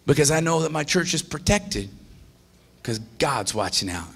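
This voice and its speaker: A pastor delivers a sermon with animated excitement, his gravelly, medium-pitched voice moving at a moderate pace. He swings between loud exclamations and hushed confession, frequently restarting phrases. Slight background noise can be heard.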